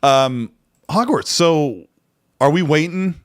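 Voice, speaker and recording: Lively joking male podcast co-host. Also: fairly high pitch, slow, no echo, studio quality. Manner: jokey, teasing, animated. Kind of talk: casual podcast chat.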